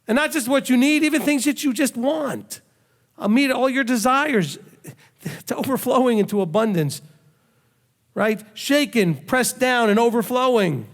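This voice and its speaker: A man's voice: extremely high pitch, lively intonation, measured pace, fairly bright tone. A man who leads a congregation, preaching a conversational sermon full of rhetorical questions and emphatic repetition. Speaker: rabbi, congregation leader. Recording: long hall reverb.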